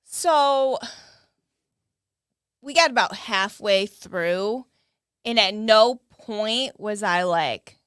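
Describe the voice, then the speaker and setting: A woman's voice: medium pitch, lively intonation, extremely slow, pauses often, fairly bright tone, clean tone, dry recording, studio quality. A woman co-hosting a live show in casual, chatty conversation, laughing often. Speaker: co-host of a live advice show. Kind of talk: casual chat.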